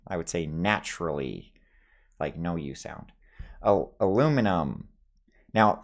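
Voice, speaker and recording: Man with a fairly low voice, casual and playful, vlogging from a small home studio. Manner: playful, musing aloud over his own pronunciations. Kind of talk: casual accent tag video.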